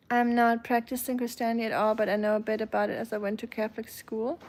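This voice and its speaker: A woman's voice: on the high side, flat delivery, fairly quick, darkish tone. A woman from Germany with a German accent, chatting casually on a live stream and answering her chat's comments.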